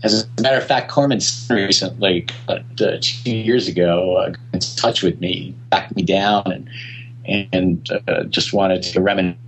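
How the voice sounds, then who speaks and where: Male guest, very low voice, hesitant and halting, faint hum behind. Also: fairly even intonation. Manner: hesitant, many fillers. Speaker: guest, film director. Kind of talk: interview, reminiscing.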